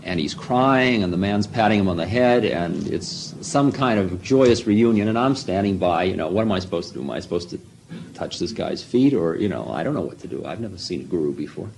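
A man's voice: low voice, expressive, brisk, creaky, darkish tone, a little hiss or hum, rough recording. A man telling a rambling first-person story, full of asides and self-mocking remarks.

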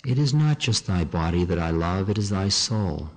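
Devoted young wife, fervent and archaic in speech, read aloud by a man in a low voice. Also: lively intonation, takes it slowly, darkish tone, heavily acted, rough recording. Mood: solemn. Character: devoted young married woman, rapturous and solemn.

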